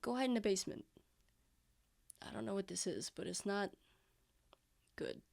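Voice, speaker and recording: A woman voicing Meredith, a wary mother who gives brisk, commanding orders. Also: medium pitch, gravelly, darkish tone.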